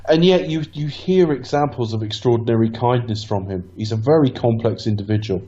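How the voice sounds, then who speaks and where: A man's voice: medium pitch, a little fast, warm tone, lo-fi sound. A man co-hosting a podcast film commentary, musing in a rambling, thoughtful way. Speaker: podcast co-host. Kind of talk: casual film commentary chat.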